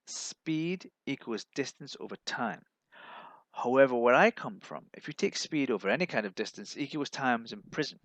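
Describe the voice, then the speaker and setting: A man from England, performing a live-streamed stand-up set of deadpan one-liners. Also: medium pitch, dry recording. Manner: deadpan one-liners with put-on voices for others. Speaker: stand-up comedian.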